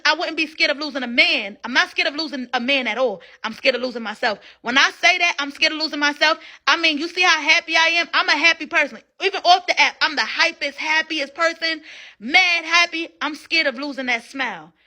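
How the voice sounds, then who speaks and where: High, bright-voiced woman streamer, blunt. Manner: blunt, animated, talks straight to viewers. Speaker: live-stream host. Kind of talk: reaction live stream commentary.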